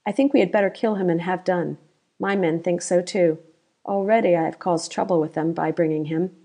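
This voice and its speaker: A woman voicing a half-drunk male bandit chief who is boastful and crafty, talking loud and demanding. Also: on the low side, steady tone, a little fast. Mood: calm.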